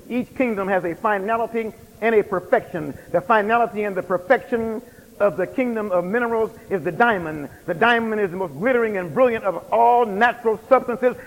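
A man's voice: sits high, moderate pace. A man preaching a sermon with emphatic, rhythmic delivery and repeated phrases. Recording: long hall reverb.

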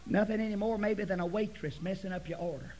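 A male preacher giving a folksy sermon, dropping to near-whispers and then rising to loud, forceful preaching. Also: sits high, fast, poor audio. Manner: folksy storytelling.

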